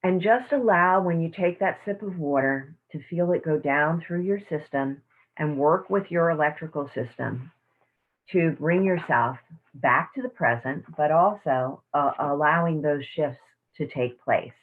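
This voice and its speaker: Slow soft-spoken woman on a tinny line. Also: low voice. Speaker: self-care class teacher. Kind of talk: guided meditation and teaching. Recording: tinny phone-like audio.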